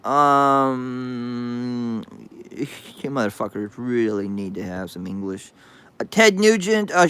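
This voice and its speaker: A man's voice: medium pitch, animated, slow pace, long pauses, a bit bright, clean tone, dry recording. A man hosting a livestream, reading chat aloud with crude sarcasm and frequent hesitations. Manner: sarcastic, profane, hesitant with many uhs.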